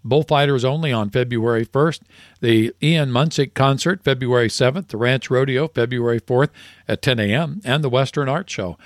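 A man's voice: mid-range voice, normal speed, dry recording, clean studio sound. Folksy man reading jokes on radio. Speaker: radio co-host.

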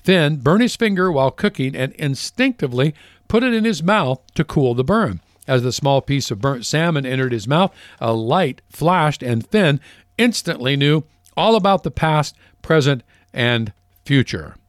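A man's voice: a little high, expressive, normal speed, no room sound, clean studio sound. A man hosting a farm radio show, chatting casually and reading short segments in a folksy way. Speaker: radio host.

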